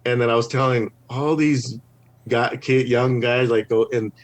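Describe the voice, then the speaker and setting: A man telling stories as a podcast guest in casual chat, animated and rambling, with lots of "like" and restarts. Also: mid-range voice, a little slow. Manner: rambling, animated, heavy use of "like". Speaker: podcast guest, scare actor. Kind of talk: casual storytelling.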